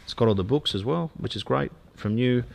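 A man's voice: mid-range voice, lively intonation, a little fast, gravelly, darkish tone. A man giving a gushing car-sales walkaround as a dealer. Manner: enthusiastic, gushing sales talk.

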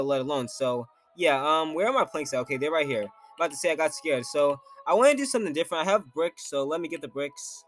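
A young man with a slightly high voice chats casually while he plays a game, rambling and filling his speech with little asides. His talk comes across as heartfelt. Soft music plays underneath. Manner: rambling, heartfelt, many fillers. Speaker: gaming YouTuber. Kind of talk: casual gameplay commentary.

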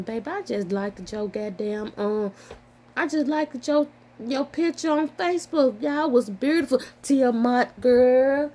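An older woman rambles on her home vlog, her pitch climbing and dropping as she swears and laughs at herself. She talks at a slow, drawn-out pace into her phone or computer mic. A faint hum of room noise sits under her voice. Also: mellow. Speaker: YouTuber. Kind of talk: casual vlog chat.

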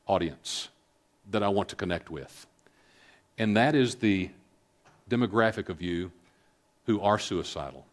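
A middle-aged man giving a filmed public talk, speaking earnestly and haltingly with many fillers, calm and reflective. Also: lowish voice. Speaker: speaker on suicide prevention.

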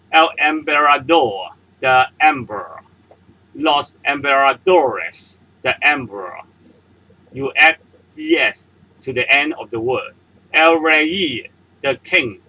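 Slow, husky-voiced male language teacher. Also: on the high side, sharp tone, low-quality recording. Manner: patient, explains word by word with examples. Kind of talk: slow step-by-step language lesson.

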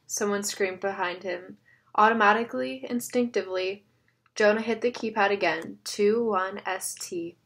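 A woman reading an audiobook aloud, with steady, measured storytelling. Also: mid-range voice, gravelly. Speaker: audiobook narrator. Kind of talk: scripted narration.

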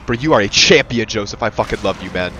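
A man giving let's-play commentary, excitable and profane, yelling at the game and talking to his in-game partner like a buddy. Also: lowish voice, quick pace, a little hiss or hum. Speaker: gaming channel host.

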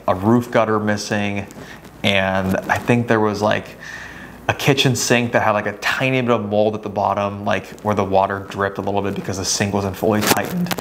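A man's voice: lowish voice, a bit bright, a little hiss or hum. A young man, a real estate agent, giving casual advice and often checking in with "right?". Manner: conversational, with many "right?" tag questions and acted-out client dialogue. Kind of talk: casual talking-head advice.

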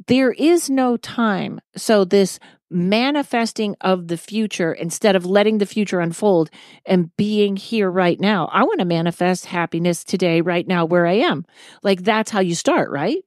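A woman's voice: medium pitch, unhurried, darkish tone, dry recording. A woman hosting a podcast talks in a casual, reflective way, thinking aloud with many fillers. Her voice sits in a middle range and is recorded dry and close. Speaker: podcast host. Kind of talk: casual interview chat.

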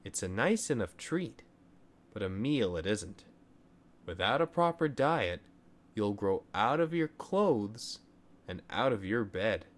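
A man voicing a patient but firm mother in a children's storybook, speaking calmly and plainly. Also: lowish voice, slow pace. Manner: calm, firm and plainly spoken. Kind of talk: storybook reading.

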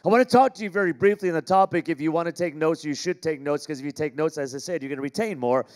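Middle-aged American pastor, a touch high-voiced, preaching with jokes and call-and-response to a church crowd. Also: male voice, quick pace, a little mellow. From Los Angeles, California. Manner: jokey, calls for audience responses. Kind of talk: sermon. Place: large church auditorium.

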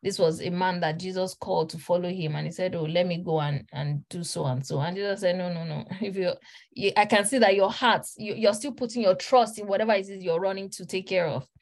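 A woman's voice: fairly low pitch, fairly quick, a little mellow. A woman preacher delivering an earnest, emphatic sermon, stressing points through repetition. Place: church.

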